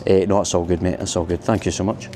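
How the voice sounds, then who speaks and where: A man's voice: sits low, little pitch movement, quick pace, background noise. Chatty Scottish man vlogging on a street. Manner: chatty, self-mocking, friendly. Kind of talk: walking-tour vlog narration. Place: city street outdoors at night. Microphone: handheld camera mic.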